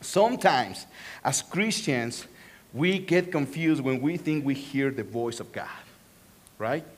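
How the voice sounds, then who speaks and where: A man with a Spanish accent preaching a sermon as a pastor, animated and joking with the congregation. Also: medium pitch, slow.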